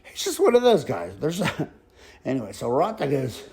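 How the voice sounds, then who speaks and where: A man's voice: mid-range voice, huge pitch swings, normal speed, creaky, a little mellow, slightly rough. A man telling a comedic story casually, often chuckling and cursing freely.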